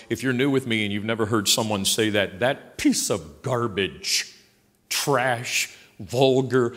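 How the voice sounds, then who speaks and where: Older male pastor, emphatic folksy sermon, mid-pitched voice, reverberant sanctuary. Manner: emphatic, swinging from quiet asides to loud passionate outbursts; blunt and folksy. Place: large church sanctuary. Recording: long hall reverb in a church.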